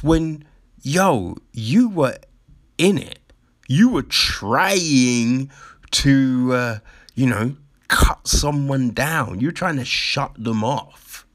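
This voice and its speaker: Lively, slow-talking man host. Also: a little high, no room sound, studio quality. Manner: laughs often, swears, rambling. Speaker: show host. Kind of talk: casual monologue.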